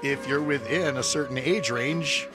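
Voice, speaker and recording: A man's voice: mid-range voice, a little slow, over music. A man hosting a morning radio show, chatting casually and laughing often with his co-hosts.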